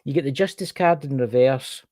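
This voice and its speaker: A man's voice: mid-range voice, normal speed, a little mellow, dry recording. A man with a Scottish accent giving a casual tarot card reading on a livestream, chatting to a viewer by name as he turns each card.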